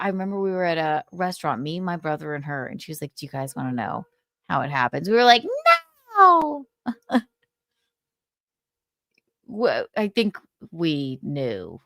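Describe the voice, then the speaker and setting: A woman's voice: lowish voice, dry recording, clean studio sound. A woman hosting a live stream, telling a story in a casual way and laughing often.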